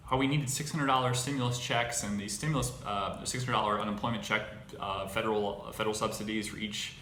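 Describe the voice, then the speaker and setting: A man hosting his own show, talking in a casual monologue, halting and restarting his phrases with exasperation. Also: on the low side, sharp tone. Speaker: podcast host. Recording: echoey room with faint noise.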